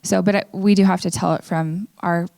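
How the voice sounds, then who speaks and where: Earnest woman sharing her story, gravelly. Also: fairly low pitch, fairly even intonation, fairly quick, a little mellow, no room sound. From Utah, USA. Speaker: speaker. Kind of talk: personal testimony talk. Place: event venue.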